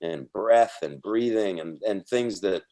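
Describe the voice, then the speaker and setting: Low-voiced man rambling on a video call. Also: measured pace, warm tone. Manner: rambling, many restarts and fillers. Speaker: actor guest. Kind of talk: casual video call interview.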